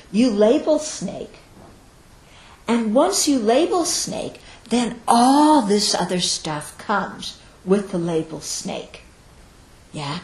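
A woman's voice: a little high, darkish tone. A woman giving a Buddhist teaching to students, explaining step by step and often checking in with "okay?". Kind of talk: dharma talk to students. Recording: roomy echo.

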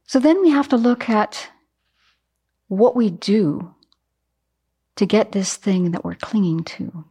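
Woman Buddhist teacher, mid-range voice, lively storytelling dharma talk. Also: medium pitch, takes it slowly, slightly rough. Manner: animated, acts out everyday examples.

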